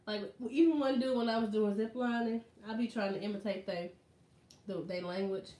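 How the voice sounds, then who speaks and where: A woman vlogger in casual chat, telling stories in an animated, slangy way. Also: medium pitch, moderate pace. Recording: roomy echo.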